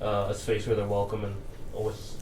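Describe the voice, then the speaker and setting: An easygoing young man from Canada chats and tells stories in a relaxed, friendly way. He sits back from the mic, so his voice carries a roomy echo with a faint hiss. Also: fairly low pitch, brisk, recorded from a distance. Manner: easygoing, chatty storyteller. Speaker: bar manager, patient. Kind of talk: casual chat.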